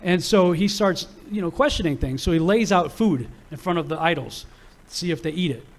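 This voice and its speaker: A man teaching a Bible lesson to a live audience, casual and animated, acting out the people in his stories. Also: high-pitched, fairly quick. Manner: casual and animated, acts out quoted characters.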